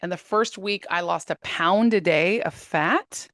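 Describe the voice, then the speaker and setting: A woman in her thirties, an interview guest, telling her story in lively casual talk and laughing often. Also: lowish voice, unhurried, no echo, studio quality. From United States.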